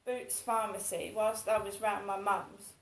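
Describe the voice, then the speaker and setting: A woman's voice: mid-range voice, little pitch movement, a little slow, a bit bright, echoey room, rough recording. A woman in her fifties talking in a casual monologue, rambling and repeating herself in an aggrieved way. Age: 50s. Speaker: vlogger.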